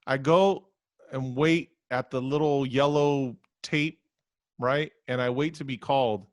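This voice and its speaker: A man co-hosting a podcast, telling a story in a profane, ranting way that gets louder as he gets worked up. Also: mid-range voice, steady tone, unhurried, no echo. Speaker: podcast co-host. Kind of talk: casual chat.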